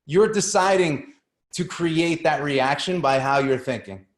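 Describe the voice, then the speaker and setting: A man's voice: fairly high pitch, a little slow. Guy coach telling a story on a call, earnest, trips over starts, echoey room. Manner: earnest, repeats words when starting a thought. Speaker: guest coach.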